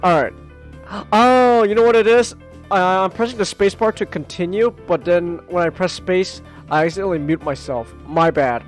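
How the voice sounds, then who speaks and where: A man's voice: high-pitched, moderate pace, soft background music. A man streaming a visual novel, reading the narration aloud and chatting casually, repeating himself as he goes. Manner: rambling and animated, repeats words.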